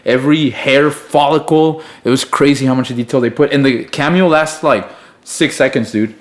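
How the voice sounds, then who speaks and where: Excitable young man saying "dude". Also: mid-range voice, normal speed. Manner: excitable, says "dude" constantly. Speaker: podcast co-host. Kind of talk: casual chat.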